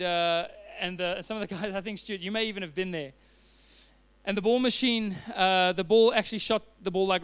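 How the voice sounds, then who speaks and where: A man's voice: high-pitched, a bit bright, clean tone. A man preaching a sermon as a pastor, telling a personal story with earnest fillers and restarts.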